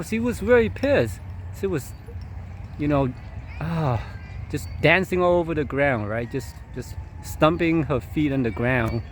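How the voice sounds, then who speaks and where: A man's voice: fairly high pitch, a little hiss or hum. A man telling a long, meandering personal story outdoors as a vlogger, chuckling now and then and leaning on fillers. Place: outdoors at sunset.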